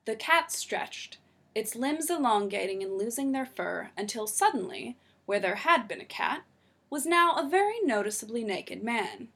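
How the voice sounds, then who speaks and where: Lively woman reading a story aloud. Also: a little high, moderate pace, slightly rough. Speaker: narrator.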